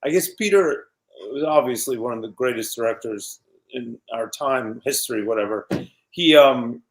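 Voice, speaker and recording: A man in his fifties from New York, a guest actor recalling film shoots in a casual, animated interview. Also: mid-range voice, normal speed. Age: 50s. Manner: animated anecdotes with laughs and quoted voices.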